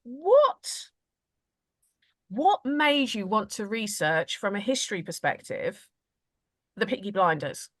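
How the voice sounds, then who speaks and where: A woman's voice: mid-range voice, very animated, slow pace, pauses often. A woman with an Essex accent hosting a podcast interview, chatty and rambling with frequent laughs. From Essex, England. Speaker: podcast host.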